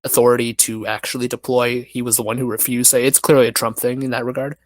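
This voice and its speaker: A man's voice: mid-range voice, little pitch movement, fast, dry recording. A 28-year-old man on a casual podcast, correcting details in a matter-of-fact way with dry humor.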